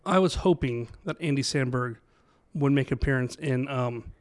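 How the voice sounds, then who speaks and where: A man's voice: medium pitch, normal speed. A man co-hosting a casual podcast, easygoing and joking. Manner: easygoing, joking, laughs often. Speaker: podcast co-host. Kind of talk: casual chat.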